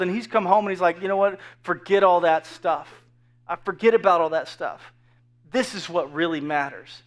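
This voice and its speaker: Man, pastor, higher-pitched voice, earnest animated sermon, frequent restarts, soft hushed asides. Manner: animated, earnest preaching with many restarts and repeated words; drops to a soft hush for quoted whispers.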